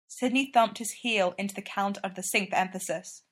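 Woman, story reader, fan fiction, steady, even, mid-pitched voice. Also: a little fast, few pauses. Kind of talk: reading fan fiction aloud.

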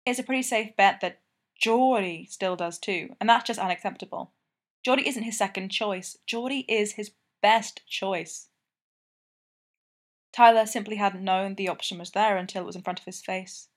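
A woman narrating a romance novel as an audiobook, in steady, intimate storytelling. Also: medium pitch, normal speed.

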